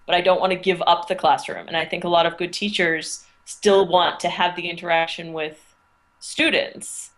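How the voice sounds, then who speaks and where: A middle-aged American teacher recalls her experiences in a casual interview, thoughtful and storytelling, often restarting her sentences. Her voice sits on the low side, a bit bright, with fairly even intonation and a moderate pace.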